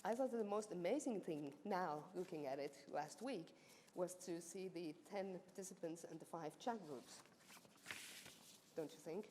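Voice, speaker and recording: A warm-toned woman's voice, on the low side, comes at a moderate pace as a supervisor delivers a laudatio. The formal ceremony speech is laced with teasing chat and many fillers, heard in an echoey university hall with faint background noise.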